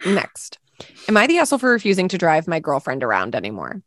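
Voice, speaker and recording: A woman's voice: fairly low pitch, huge pitch swings, a little fast, fairly bright tone, dry recording, clean studio sound. A woman co-hosting a podcast, chatting casually, swearing and laughing often, and reading a listener's post aloud. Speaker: podcast co-host.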